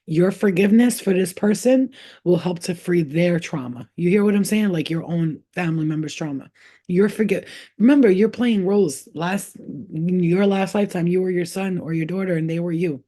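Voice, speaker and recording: On a casual spiritual livestream, a woman who works as a spiritual healer talks bluntly in streetwise slang, swearing plenty and pausing now and then to scold her cat. Her voice is fairly low, mellow, and at normal speed.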